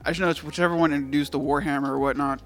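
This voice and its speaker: Man, fairly high voice, rambles with lots of uh and swearing, faint music behind. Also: steady tone, very fast, a bit bright. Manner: rambling, profane, filler-heavy. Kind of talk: casual chat, storytelling.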